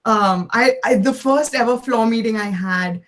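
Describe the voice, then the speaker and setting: Young woman from india, indian-american mixed accent, chatty, laughs a lot, highish voice. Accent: Indian English mixed with American. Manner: chatty, quick laughs, frequent restarts. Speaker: guest, neuroscience PhD student. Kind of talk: casual interview chat.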